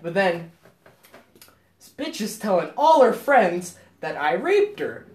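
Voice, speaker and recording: A man's voice: sits high, sing-song, slow pace. A young man in a crude, teasing chat among friends. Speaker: podcast co-host. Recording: roomy echo.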